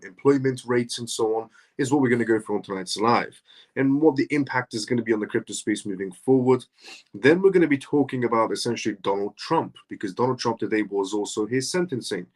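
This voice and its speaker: A man hosts a live online news stream, talking in a relaxed, chatty way. His voice sits at an ordinary mid pitch. He runs through the evening's topics in casual commentary and leans on filler words like "essentially". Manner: greets chat viewers by name one after another.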